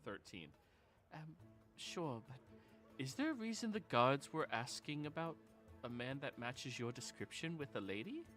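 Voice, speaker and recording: A man narrating and ruling as game master of a tabletop role-playing session, in a casual, quick manner with frequent laughs. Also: mid-range voice, very animated, fairly bright tone, soft background music.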